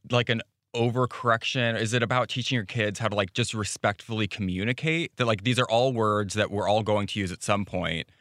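Lowish-voiced man asking earnest questions. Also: a bit bright, dry recording, clean studio sound. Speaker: podcast co-host. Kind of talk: casual podcast chat.

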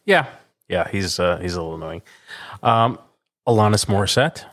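A low-voiced man co-hosts a radio show, working down a list with lots of laughter. His pitch swings widely as he banters. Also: expressive, moderate pace, a bit bright. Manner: reads through a list, laughs easily. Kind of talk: casual banter.

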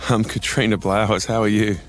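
A man's voice: lowish voice, little pitch movement, fairly quick. A young Australian man hosting a news podcast, chatty and upbeat. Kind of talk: casual news podcast chat.

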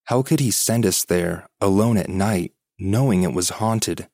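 Male podcast host, low register, dry close sound; measured, suspenseful scripted horror narration. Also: warm tone, no echo. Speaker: podcast host reading listener stories.

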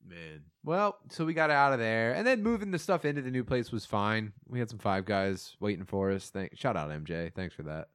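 A man chatting casually on a podcast, his pitch leaping around as he acts out quotes and laughs between lines. The sound is dry and close, with no room around it. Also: big pitch swings, moderate pace, few pauses, a bit bright, smooth, dry recording. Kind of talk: casual chat.

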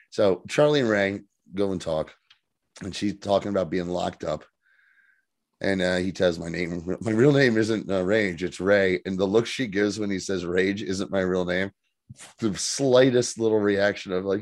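A man's voice: low voice, normal speed, no echo, clean studio sound. A man co-hosting a podcast, retelling a TV episode casually with lots of swearing and acted-out lines. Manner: profane, animated storyteller who acts out scenes. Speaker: podcast co-host. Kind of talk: casual chat recapping a TV episode.

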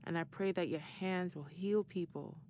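A woman's voice: on the low side, moderate pace, dark tone, slight background noise. A woman hosting a podcast, telling a story in a casual, slangy way and laughing often. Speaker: podcast host.

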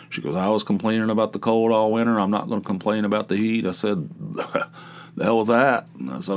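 Middle-aged guy on his podcast, lowish voice, rambles and grumbles, keeps restarting his sentences. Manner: rambling, self-interrupting, wry grumbling. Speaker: podcast host. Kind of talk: casual solo monologue.

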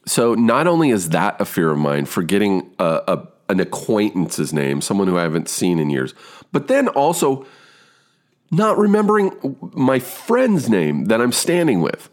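A man in his fifties with a rich baritone voice, rambling casually as a podcast host, swearing and poking fun at himself. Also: big pitch swings, moderate pace. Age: 50s. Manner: rambling, swearing, self-deprecating. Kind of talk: casual monologue.

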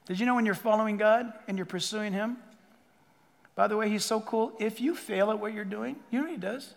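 A man preaching a sermon as a pastor, animated and acting out quoted dialogue in different voices. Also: high-pitched, brisk, vocal fry, in a large hall.

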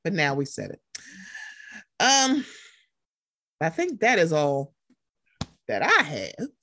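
A woman's voice: sits low, huge pitch swings, slow, a bit bright, no echo, studio quality. A woman co-hosting a casual gossip podcast, talking animatedly and slipping into playacted quotes. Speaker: podcast co-host.

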